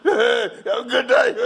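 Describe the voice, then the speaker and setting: A goofy man clowns through a silly comedy skit with a high, gravelly voice. He drawls slowly, giggling and singing badly between lines. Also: a bit bright. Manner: giggly, goofy, sings and mugs. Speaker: comedic performer.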